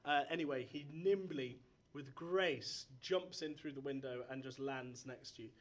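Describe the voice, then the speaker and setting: A man narrating as game master of a live tabletop game, animated, breaking into shouted character voices. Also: medium pitch, unhurried. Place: live stage before an audience.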